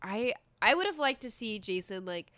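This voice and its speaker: A woman's voice: a little high, big pitch swings, moderate pace, pushed and bright, no room sound. A woman co-hosting a casual movie podcast, recapping the plot and laughing along. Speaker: podcast co-host. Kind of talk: casual movie-review chat.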